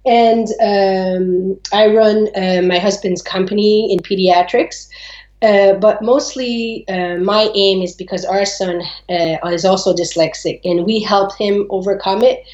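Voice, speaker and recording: A woman's voice: mid-range voice, steady tone, unhurried, a little mellow. A woman from America speaking as a guest over a video call, earnest and a little hesitant. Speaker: interview guest. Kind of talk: casual interview on a video call. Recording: echoey, dull video-call audio.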